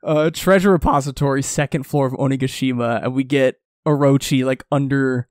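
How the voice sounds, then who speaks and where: A man co-hosting a podcast, chatting excitedly about a comic chapter and reading lines aloud with laughter. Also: medium pitch, brisk, dry recording, studio quality. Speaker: podcast co-host. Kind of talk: casual chat reviewing a comic chapter.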